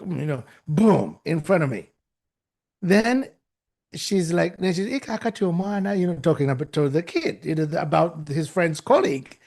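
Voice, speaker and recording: High, gravelly male storyteller. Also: measured pace. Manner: animated, acts out the people in the story; restarts and repeats himself for effect. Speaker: guest speaker. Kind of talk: storytelling talk.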